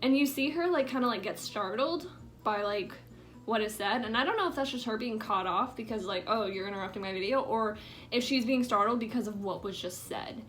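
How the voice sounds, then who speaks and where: Young woman, casual home vlogger, slightly high voice, rambling and chatty, faint music underneath. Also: moderate pace, fairly bright tone. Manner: rambling, filler-heavy, drifts into whispers. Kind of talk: casual chatty vlog while doing makeup. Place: indoors at home.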